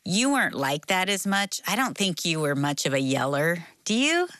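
An older woman co-hosting a relaxed studio podcast, full of animated storytelling. Her voice sits a bit low but sounds bright and crisp. The close mic keeps the sound dry, with no room around her. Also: moderate pace, no room sound. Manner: animated storytelling, laughs often. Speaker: co-host. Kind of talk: casual podcast chat.

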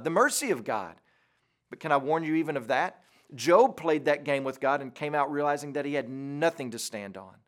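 A man preaching a sermon in an earnest, deliberate way, pausing for emphasis. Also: a little high, fairly bright tone.

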